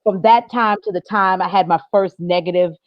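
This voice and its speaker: Talk-show guest, female, lively storyteller who acts out her quotes, dry and a bit dull on the mic. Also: fairly low pitch, normal speed, dry recording. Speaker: social media advisor, guest. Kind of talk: casual chat, storytelling.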